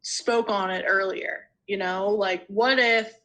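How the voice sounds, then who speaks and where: A woman's voice: medium pitch, fairly even intonation, takes it slowly, a bit bright, rough recording. A young adult woman, a podcast guest, telling her personal recovery story in a rambling, casual way, full of "you know" and "like".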